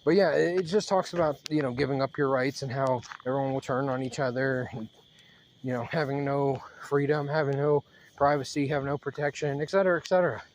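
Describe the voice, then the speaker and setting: A man's voice: mid-range voice, fairly even intonation, a little hiss or hum. Breathless worked-up man rambling while walking. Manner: worked-up, rambling, halting with many fillers. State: slightly out of breath from fast walking. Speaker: channel host. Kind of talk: rambling monologue vlog. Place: outdoors, walking.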